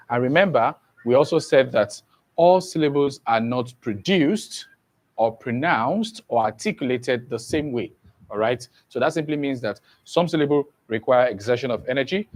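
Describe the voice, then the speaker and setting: A man's voice: mid-range voice, normal speed. A man teaching a class for an exam, who repeats key phrases and keeps checking that students follow. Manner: repetitive, checks understanding often. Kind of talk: exam prep lesson.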